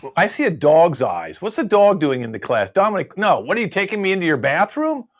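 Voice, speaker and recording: Older man, improv host, exasperated professor character, rapid questions, video call. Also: high voice, big pitch swings, a little hiss or hum.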